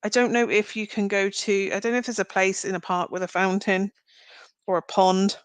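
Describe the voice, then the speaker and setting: A woman reads tarot cards on a live stream in a smooth, clear voice, wandering from thought to thought as she speaks. Her tone is reassuring and directed at each viewer. The sound is dry and close, with no room echo. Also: medium pitch, flat delivery, normal speed. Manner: chatty and meandering, thinking aloud. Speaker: tarot reader. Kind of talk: live-streamed card reading.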